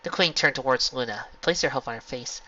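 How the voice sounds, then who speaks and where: A man reading a fan fiction story aloud with expressive narration. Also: medium pitch, fast. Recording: lo-fi home recording.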